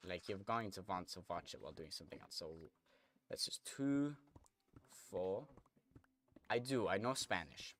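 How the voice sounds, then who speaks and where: Low-voiced young man chatting while gaming. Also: expressive, moderate pace, pauses often, slight background noise. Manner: rambling, chatty, reads chat aloud while playing. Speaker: streamer. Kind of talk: casual gameplay stream chatter.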